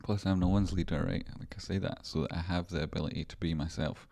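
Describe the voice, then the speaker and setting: Deep-voiced Scottish man rambling playfully. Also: fairly even intonation, fast, vocal fry, dark tone, no echo, studio quality. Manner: playful, talks to himself, swears freely. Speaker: market analysis host. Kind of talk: casual rambling market commentary.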